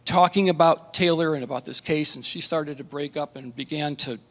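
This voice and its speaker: A middle-aged man, a pastor, telling a personal testimony at a conference, earnest and emotional, with halting restarts. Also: fairly high pitch. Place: conference hall. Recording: reverberant conference hall.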